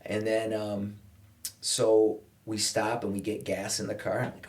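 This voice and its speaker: A man with a fairly low voice tells a story in a relaxed podcast conversation. He is animated and acts out the people he quotes with changes in voice. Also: moderate pace. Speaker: podcast guest. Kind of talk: casual storytelling chat.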